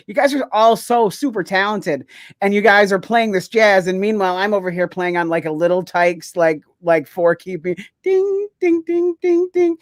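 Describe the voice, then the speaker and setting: A man's voice: high-pitched, no room sound. A man co-hosting a podcast, telling a story in casual chat with rambling phrasing. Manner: rambling, many "like" fillers. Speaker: podcast co-host.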